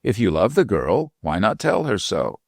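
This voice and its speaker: A man voicing a tiny, shrewd and mischievous old woman dwarf with a shrill, teasing manner in a storybook reading. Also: big pitch swings, moderate pace, gravelly, no echo, studio quality, heavily acted. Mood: sly, scolding. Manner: sharp, teasing, whimsical.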